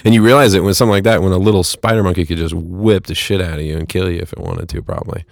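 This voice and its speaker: A young adult man co-hosting a podcast, chatting casually and excitably with a lot of swearing. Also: deep voice, rapid-fire, gravelly, dry recording, clean studio sound. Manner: excitable, swears freely, many "like"s. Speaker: podcast co-host. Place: podcast studio.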